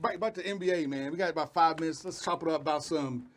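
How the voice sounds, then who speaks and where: A man hosting a casual sports talk show, animated and joking, often laughing as he talks. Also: on the high side, quick pace, background noise. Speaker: show host.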